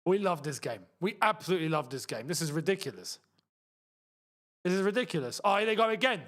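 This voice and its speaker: A young man gives live reaction commentary on a football match for his watchalong audience. His voice sits high and moves a great deal, and he breaks into shouts and laughter whenever a chance comes. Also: fast talker. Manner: excitable, shouts and laughs at chances, chatty asides.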